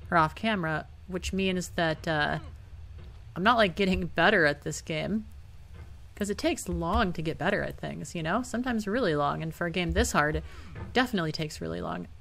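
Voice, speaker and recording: A woman's voice: on the low side, normal speed, creaky, fairly bright tone. A young woman playing a hard computer game and talking casually through it, often frustrated and swearing. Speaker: gaming YouTuber. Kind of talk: casual let's-play commentary.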